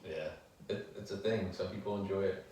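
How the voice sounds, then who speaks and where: A man's voice: low voice, fairly quick, mellow, slight background noise. A man co-hosting a podcast in a casual, jokey way, laughing easily. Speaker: podcast co-host. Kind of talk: casual chat. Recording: echoey room, mic at a distance.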